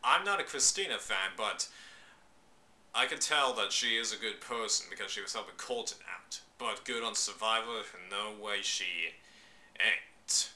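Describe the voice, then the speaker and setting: Guy rambling thru a casual vlog, kinda low voice but super bright and sharp, slangy and excitable. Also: unhurried. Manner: chatty, loose, slangy, exclaiming. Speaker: vlogger reviewing a reality show.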